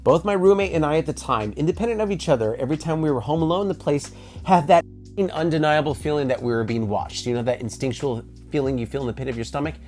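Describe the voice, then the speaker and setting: Man telling a creepy story, soft music behind. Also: fairly high pitch, fast. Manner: animated, suspenseful telling with casual swearing. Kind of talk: casual storytime.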